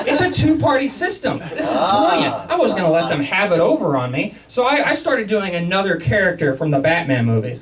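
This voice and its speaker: A man from Texas performs a stand-up set in a small club, self-mocking and animated. His pitch swings widely from line to line, and he sounds a little distant from the microphone, with the room around him. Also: brisk, hardly any pauses. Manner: self-mocking, animated, repeats words when starting sentences. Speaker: stand-up comedian. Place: comedy club basement, live audience.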